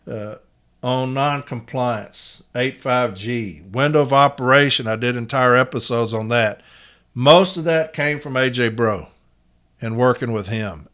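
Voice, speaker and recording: A man's voice: medium pitch, a bit bright. A man hosting a podcast, telling a story in a blunt, profane, casual way and acting out the people in it. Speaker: podcast host.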